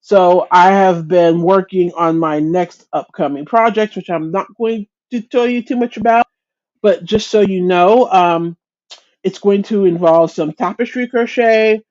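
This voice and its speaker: A chatty woman hosts a relaxed crafting livestream and talks straight to her viewers. Her voice sits at an ordinary middle pitch, and she often trips over her words and starts her sentences again. The audio is a little dull and lo-fi. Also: unhurried. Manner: chatty and self-deprecating, greets viewers by name; frequent restarts and stumbles. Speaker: livestream host of a crochet chat. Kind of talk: casual livestream chat.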